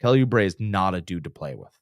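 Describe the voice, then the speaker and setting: A man with a low-sitting voice co-hosts a casual sports podcast, talking fairly quickly. He tells his stories with lots of energy and voices the quotes. The recording is studio quality with no echo.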